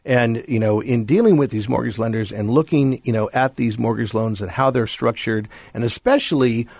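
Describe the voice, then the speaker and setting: A husky, gravelly man speaks as a guest on a finance talk show, telling a story from his past. He leans into the quoted lines, raising his voice for the other people in the tale. The sound is dry and close, with no room around it. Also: medium pitch, moderate pace, no room sound. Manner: animated anecdote telling, acting out quoted voices. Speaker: guest, bankruptcy attorney. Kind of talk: storytelling interview answer.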